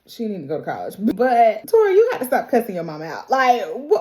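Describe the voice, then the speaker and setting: A woman's voice: fairly high pitch, wildly swooping pitch, fairly quick, a little mellow. A woman recapping a TV episode in a casual, chatty way, with a slangy, colloquial manner, acting out the characters' lines and laughing often. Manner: chatty storyteller, acts out quotes, laughs often. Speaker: TV recap vlogger.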